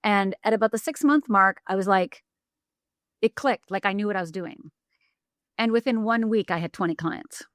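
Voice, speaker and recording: A middle-aged woman telling a personal story in an animated way, acting out the voices she quotes, with quick bursts and restarts. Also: mid-range voice, dry recording, clean studio sound. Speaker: podcast guest, life coach.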